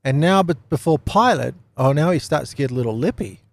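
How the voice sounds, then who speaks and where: A man's voice: a little high, lively intonation, a little fast, creaky. A man teaching scripture in a casual, chatty way, often laughing and checking in with "right?". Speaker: Bible teacher.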